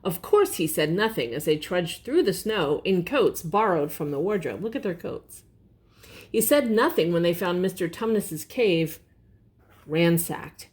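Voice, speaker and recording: An older woman with a fairly low voice reads a picture book aloud to her grandchildren. She pauses to explain words gently and point out the pictures. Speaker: storybook reader.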